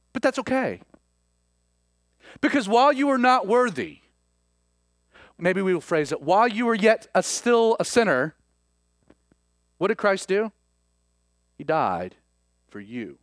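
A man preaching a sermon, swinging between loud emphasis and soft, hushed lines. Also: sits high, sing-song, slow, pauses often, dry recording, studio quality.

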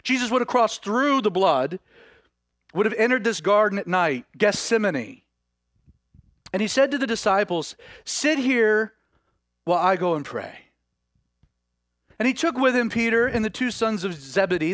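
High-voiced preacher, dramatic sermon. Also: male voice, expressive, moderate pace, dry recording, clean studio sound. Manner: dramatic, swings between loud and hushed.

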